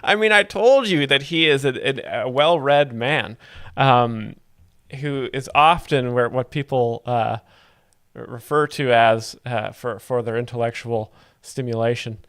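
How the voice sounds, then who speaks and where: A man gives mock-serious joke explanations in a deadpan voice, hesitating often with ums. The recording is close and dry, with no room sound. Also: mid-range voice, unhurried, clear, resonant tone, dry recording. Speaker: comedy host explaining jokes.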